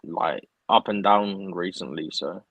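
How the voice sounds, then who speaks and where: A man's voice: low voice, unhurried, fairly bright tone, slightly rough, no room sound, lo-fi sound. A man co-hosting a casual live stream, easygoing and hedging. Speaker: co-host.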